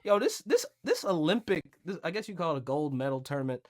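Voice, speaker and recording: Animated, jokey male podcast host. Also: fairly high pitch, fast, no echo, clean studio sound. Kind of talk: casual chat.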